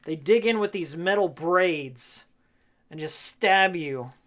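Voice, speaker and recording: A man live-streaming casually while he cleans his game room, hoarse and losing his voice, jokey and rambling, repeating his own lines. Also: a little high, slow pace, fairly bright tone. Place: game room at home, indoors.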